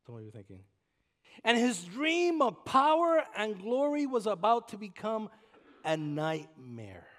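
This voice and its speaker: A man preaching a sermon as a guest pastor, swinging from shouted emphasis to hushed, near-whispered passages. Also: extremely high pitch, big pitch swings, normal speed. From Puerto Rico. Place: church sanctuary. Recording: long reverb of a large church hall.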